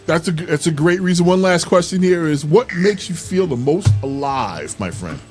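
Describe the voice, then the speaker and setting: A man hosting a casual interview, friendly and quick with short affirmations for his guest. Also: a little high, lively intonation, soft background music. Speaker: interview host.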